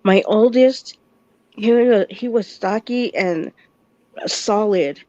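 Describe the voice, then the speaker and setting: Slow, mellow-voiced woman chatting. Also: medium pitch, no echo, dull audio. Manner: slow, halting, with many fillers. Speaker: parent in conversation. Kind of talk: casual chat.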